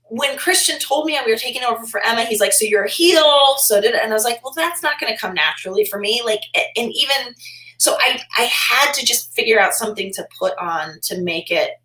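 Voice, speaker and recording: A woman chatting as a podcast guest, rambling with lots of "like" fillers and animated quoting. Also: fairly high pitch. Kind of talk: casual interview chat. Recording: roomy echo.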